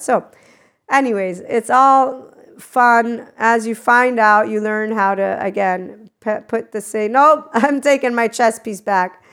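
A middle-aged woman talking in a rambling, animated spiritual monologue, laughing often and acting out quoted dialogue. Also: mid-range voice, gravelly, clean tone. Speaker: spiritual channel host.

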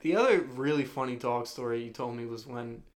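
A man's voice: mid-range voice, brisk. A man in a casual chat, teasing his co-host and chuckling as he asks questions.

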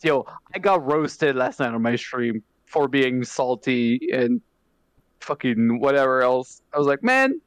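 A man's voice: mid-range voice, measured pace, smooth, no room sound. A man co-hosting a casual podcast, joking around and swearing freely. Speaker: podcast co-host.

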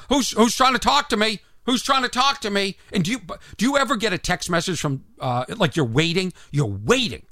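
Comedian guy ranting at his tv, high voice, bounces all over the place, keeps tripping on words. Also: no echo, clean studio sound. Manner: animated, exasperated, stammering restarts. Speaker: stand-up comedian hosting a rant segment. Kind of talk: comedic rant to camera.

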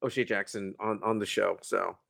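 A man's voice: on the low side, steady tone, normal speed, vocal fry, fairly bright tone. A man co-hosting a podcast, chiming in supportively in a casual chat. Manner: supportive, short interjections. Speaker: podcast co-host.

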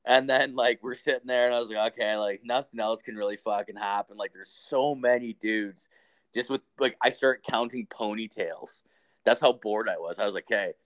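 A man's voice: on the low side, moderate pace. A man telling a crude story in casual chat, rambling and swearing, full of "like" and "dude". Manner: profane, rambling, lots of "like" and "dude". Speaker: podcast co-host.

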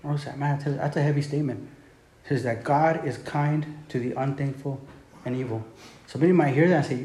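Male preacher, casual sermon delivery, mellow tone, echoey room. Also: medium pitch, brisk, slight background noise. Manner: conversational preaching, frequent "man" and "right?". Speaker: pastor. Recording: roomy echo with faint ambience.

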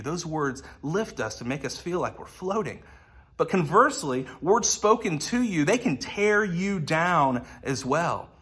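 A man's voice: fairly high pitch, fairly bright tone, slightly rough. A man in his thirties preaching a sermon in a conversational, earnest way with light humor. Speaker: pastor.

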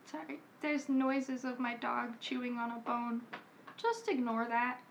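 A woman's voice: a little high, measured pace, creaky, a little hiss or hum. A young woman hosting a podcast in casual chat, giggly and playful, talking into a podcast mic. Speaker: podcast host.

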